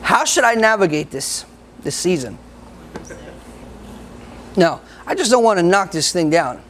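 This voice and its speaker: A man's voice: high voice, big pitch swings, unhurried, fairly bright tone, slight background noise. A man preaching a sermon, joking with the people in the room and laughing often between points. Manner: laughs often, jokes with the congregation.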